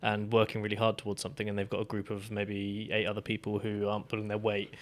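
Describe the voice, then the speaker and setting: A man's voice: fairly low pitch, monotone, quick pace. A man hosting a podcast interview, chatty and laughing along with his guest. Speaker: podcast host, university lecturer.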